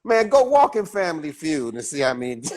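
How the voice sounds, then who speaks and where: A comedian from Chicago telling stories in a casual interview, animated and laughing, repeating words as he builds a point. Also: a little high, normal speed, a little hiss or hum. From Chicago, USA. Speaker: comedian guest.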